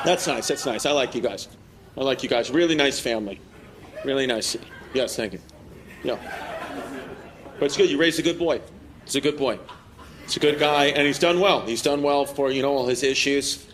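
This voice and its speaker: A man doing teasing, brash crowd work as a stand-up comedian on a club stage, laughing along at his own jokes. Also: medium pitch. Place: club stage with live audience. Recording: live club audio with crowd and noise. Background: audience laughter.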